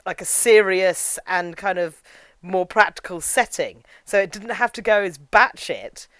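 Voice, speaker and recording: A woman's voice: mid-range voice, measured pace, a bit bright, no room sound. A young woman chatting enthusiastically in a casual film review, full of "like" fillers.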